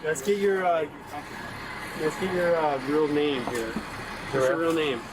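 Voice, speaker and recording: A man's voice: on the high side, a little slow, over a noisy crowd, rough recording. A man, a police officer, asking questions outdoors in a matter-of-fact way. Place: outdoors on a street. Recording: police bodycam audio with loud street noise.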